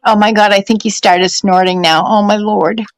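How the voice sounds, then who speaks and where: A woman's voice: mid-range voice, fairly even intonation, moderate pace, no room sound, poor audio. A woman doing psychic readings on a live stream in a chatty, laughing way, at home. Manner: chatty, laughing, talks to her pets. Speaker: psychic medium. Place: home during a power outage.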